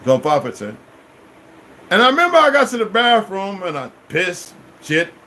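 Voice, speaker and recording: A man's voice: sits high, huge pitch swings, moderate pace, pushed and bright, rough recording. A middle-aged man telling a long personal story as a vlogger, in a rambling, profane, emphatic way. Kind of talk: casual storytelling monologue.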